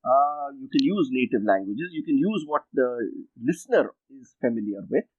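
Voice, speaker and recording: A man's voice: mid-range voice, sing-song, moderate pace. An older man with an Indian English accent, an executive coach answering interview questions emphatically. He sets out points in lists and acts out other people's quotes. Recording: dull muffled dry sound.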